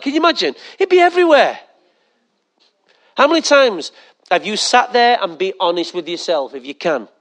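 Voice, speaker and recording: A man preaching a sermon as pastor, animated, asking the congregation questions and acting out little asides. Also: high voice, moderate pace, long pauses.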